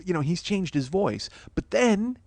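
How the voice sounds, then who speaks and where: A man with a high, sing-song voice and a darkish tone hosts a podcast, speaking a little slowly with no room sound. He tells a comic story as a rambling, profane, self-mocking rant.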